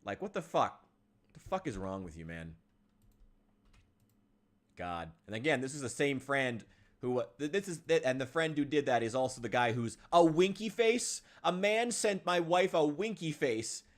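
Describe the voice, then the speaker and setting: A man's voice: on the high side, animated, moderate pace. A man from Illinois chatting casually while streaming a game, ranting in frustration, swearing and sighing often. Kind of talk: casual live-stream chat while gaming.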